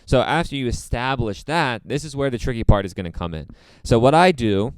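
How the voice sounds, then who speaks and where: A man teaching drums, explaining a practice method step by step in a relaxed way, with many fillers. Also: mid-range voice, a little fast, clear, resonant tone, dry recording. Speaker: drum teacher. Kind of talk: casual instructional talk.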